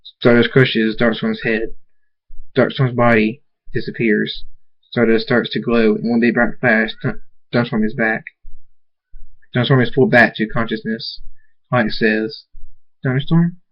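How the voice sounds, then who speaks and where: A man's voice: mid-range voice, level tone, unhurried, pauses often, dull audio. A man reading a fan story aloud as narrator, stumbling and restarting often. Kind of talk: amateur fan fiction reading.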